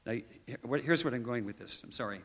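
Bright-voiced man preaching a Bible lesson. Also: mid-range voice, slightly rough. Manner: teaching, emphatic, with pauses and restarts. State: congested, clearing his throat. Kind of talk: sermon.

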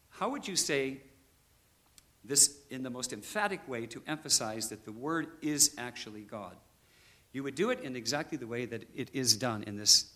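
A man preaching a Bible teaching with a bright, forceful voice. He explains and stresses key words emphatically, pausing and restarting as he goes. His voice is a touch congested, with some throat clearing. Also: mid-range voice. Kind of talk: sermon.

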